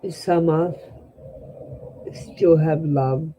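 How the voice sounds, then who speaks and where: A woman's voice: deep voice, steady tone, extremely slow, mellow, breathy edge, rough recording. A young Australian woman reading tarot live for viewers, giving blunt, direct advice. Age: young adult. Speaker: tarot reader.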